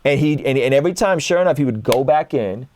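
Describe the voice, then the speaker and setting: A man in his thirties, a guest in a casual conversation, telling stories in an animated way and acting out what others said. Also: medium pitch, fast. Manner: animated storyteller, acts out quotes.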